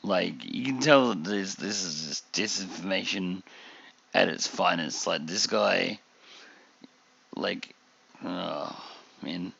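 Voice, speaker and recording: Deep gravelly guy ranting slow about a video, lots of uh and you know, kinda dull lo-fi mic. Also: fairly bright tone. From Australia. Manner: annoyed, rambling with many fillers. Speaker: reaction video host. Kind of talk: casual reaction commentary.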